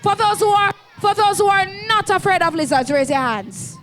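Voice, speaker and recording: A woman's voice: very high-pitched, lively intonation, normal speed, fairly bright tone, slight background noise. A woman hosting a children's reading event, leading the crowd in firm, coaxing call-and-response prompts. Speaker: event host for schoolchildren.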